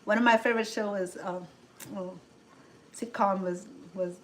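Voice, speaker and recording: This middle-aged woman speaks English with a Cambodian accent, in loose, rambling chat full of fillers and restarts. Her voice sits at an ordinary pitch for a woman. A faint hiss runs behind her. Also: steady tone, normal speed, low-quality recording. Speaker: cooking show host. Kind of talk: casual chat.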